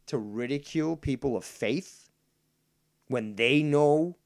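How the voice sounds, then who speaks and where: A man's voice: medium pitch, darkish tone. Swearing, indignant man ranting. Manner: indignant, swears heavily, repeats for emphasis; slows down to stress key lines. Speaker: livestream host reading viewer comments. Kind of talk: profane ranting monologue.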